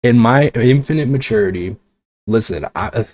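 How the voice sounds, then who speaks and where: A man's voice: mid-range voice, lively intonation, normal speed, a little mellow. A man streaming as a VTuber, ranting casually with exasperation, swearing and sarcasm. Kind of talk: casual livestream chat.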